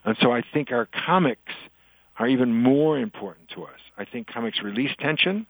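A man's voice: mid-range voice, moderate pace, no room sound, rough recording. An older man, an author, chatting in an interview and telling jokes like a storyteller. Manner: chatty storyteller, animated in punchlines. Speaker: author and guest.

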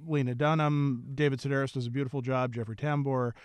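A man hosting a radio book program, asking questions and signing off in a measured, courteous way. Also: mid-range voice, steady tone, clean tone, no echo. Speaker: radio book show host. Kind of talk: radio interview and sign-off.

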